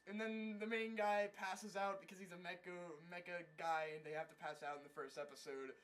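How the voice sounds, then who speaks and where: Brief: man with an unusually high voice, mocking cartoon recap, swears a lot, rambles. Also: steady tone, fairly quick, hardly any pauses, a bit bright. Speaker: anime reviewer. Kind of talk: casual comedic episode recap.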